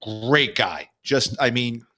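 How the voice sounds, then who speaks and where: A man from New York, a retired detective and author, telling stories lively in an interview. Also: mid-range voice, slow. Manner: lively storyteller, acts out voices. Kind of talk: storytelling interview.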